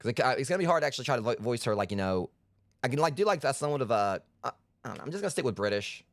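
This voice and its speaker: A man's voice: medium pitch, animated, very fast, no echo, studio quality. A man giving rambling, self-deprecating let's-play commentary as a game streamer, full of fillers and restarts.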